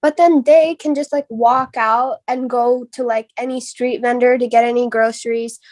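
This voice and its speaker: A young woman from the United States co-hosting a podcast, chatting casually with many fillers and pauses. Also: on the high side, fairly even intonation, darkish tone. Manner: filler-heavy, hesitant. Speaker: podcast co-host. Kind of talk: casual chat.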